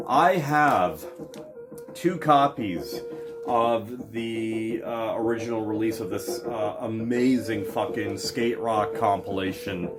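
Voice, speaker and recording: A man in a casual, profane vlog monologue, excitable and emphatic, swearing constantly and firing off punchy lists. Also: lowish voice. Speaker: vlogger showing his record purchases.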